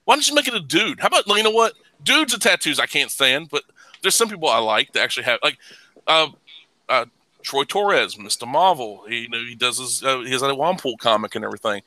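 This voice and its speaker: A man hosting a casual podcast chat, ranting with heavy profanity and bursting into loud laughs. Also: medium pitch, animated, brisk, no echo, poor audio. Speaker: podcast host.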